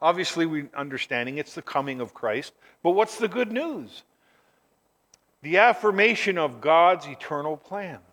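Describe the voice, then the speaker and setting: A man preaching a sermon as pastor, swinging from near-shouts to hushed, quiet lines. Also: on the high side, expressive, moderate pace. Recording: long hall reverb.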